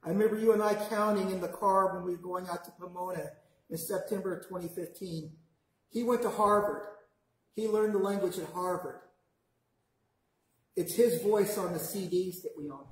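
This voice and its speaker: A man teaching a language class, patiently modelling words slowly for the class to repeat back. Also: sits high. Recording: very echoey classroom.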